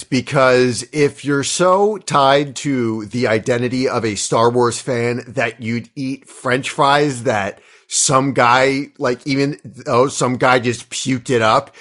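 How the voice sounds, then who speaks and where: A man's voice: medium pitch, fairly bright tone. A man rambling through crude jokes in a casual comedy podcast chat.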